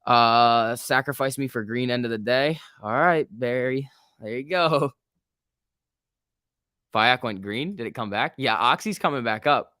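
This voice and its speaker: A livestream host with a medium-pitched, clean voice chatters over stock charts during a casual trading stream. He keeps up loose running commentary, reads the chat aloud, and has quick excited outbursts. The studio sound is clean, with no echo.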